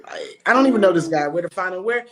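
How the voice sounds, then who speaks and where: A woman in her forties, a comedian telling animated, bawdy stories and laughing often in a casual interview. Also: fairly low pitch, quick pace, a loud crowd. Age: 40s. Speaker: comedian guest.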